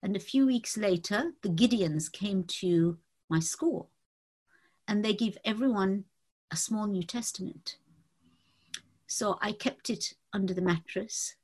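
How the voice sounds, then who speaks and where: A woman earnestly telling a personal faith testimony, reflective and halting with fillers. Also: medium pitch, darkish tone, husky. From Indian family. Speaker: testimony speaker.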